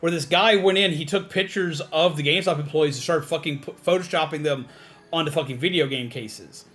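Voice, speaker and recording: A man's voice: on the high side, brisk, fairly bright tone. A man streaming a game, ranting in casual, profane talk with lots of fillers. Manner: rambling, profane, frequent fillers. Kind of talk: casual rambling stream chat.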